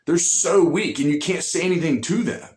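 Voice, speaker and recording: A man's voice: fairly high pitch, normal speed, a little mellow, roomy sound. A man giving blunt, profane political commentary, ranting with emphasis and repeating lines for punch.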